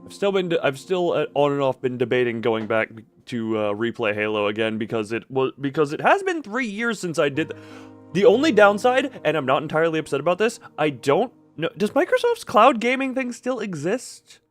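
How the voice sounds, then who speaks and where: A man's voice: a little high, big pitch swings, fairly quick, soft background music. A young man streaming a game, chatting casually in a rambling, jokey way and tripping over his words. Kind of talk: casual live-stream chat while gaming.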